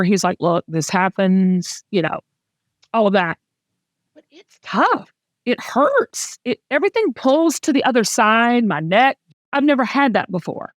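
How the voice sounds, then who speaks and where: A woman's voice: a little high, no echo, clean studio sound. Candid Southern woman host. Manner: emotional, candid, chatty storytelling. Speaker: podcast host. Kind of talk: personal casual chat.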